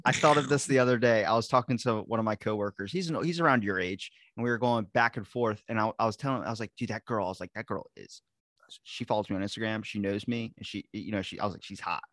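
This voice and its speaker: A young man in casual podcast chat, swearing freely and telling stories with loud put-on voices. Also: lowish voice, fast, few pauses, no echo, studio quality. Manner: profane, animated storytelling with loud put-on voices. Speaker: podcast co-host.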